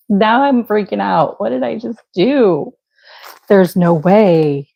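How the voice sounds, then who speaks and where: A woman's voice: medium pitch, lively intonation, takes it slowly, vocal fry, pauses often, dark tone, rough recording. A young woman hosting a live crochet stream, chatting casually and laughing at herself while she works. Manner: chatty, self-deprecating, talks to viewers while working. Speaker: livestream crochet host.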